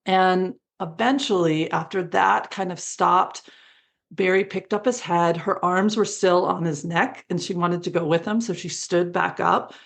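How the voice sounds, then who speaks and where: A woman's voice: fairly low pitch, unhurried, creaky. A woman guest in an interview, telling a story animatedly and acting out the dialogue. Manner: animated, acts out quoted dialogue with laughs.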